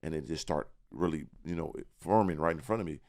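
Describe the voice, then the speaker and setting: A guest on a casual podcast interview, this man has an extremely low, darkish voice and speaks briskly. He talks confidently about himself, often repeating words while searching for the next.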